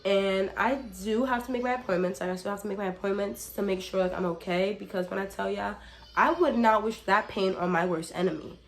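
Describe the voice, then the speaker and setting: A young woman vlogger, slightly hoarse from a cold, tells a casual storytime at a fairly quick pace and medium pitch. She's chatty, swears freely, and fills her speech with "like," talking directly to her viewers as y'all.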